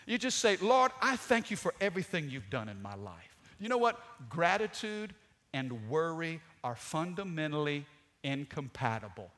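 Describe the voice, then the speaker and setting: Man, pastor preaching, bright tense voice, high pitch, swings loud and soft. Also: very animated, moderate pace. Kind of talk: sermon. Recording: long hall reverb.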